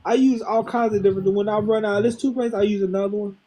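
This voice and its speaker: A man's voice: high-pitched, steady tone, fast, warm tone. A man hosting a casual video chat, laid-back and slangy, with a drawling delivery.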